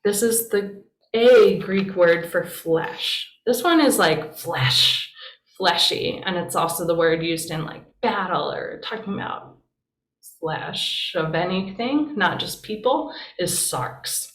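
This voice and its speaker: Slow-talking woman pastor teaching in an echoey room. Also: on the low side, animated. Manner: chatty and encouraging, with many fillers. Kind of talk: casual classroom teaching. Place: church meeting room. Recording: roomy echo.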